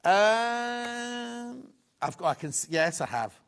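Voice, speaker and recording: A man's voice: very high-pitched, expressive, slow, creaky, a bit bright, a little hiss or hum. A middle-aged man hosting a live shopping show, chatting and rambling through jokey asides between prices. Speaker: shopping channel host. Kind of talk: live TV selling, casual chat.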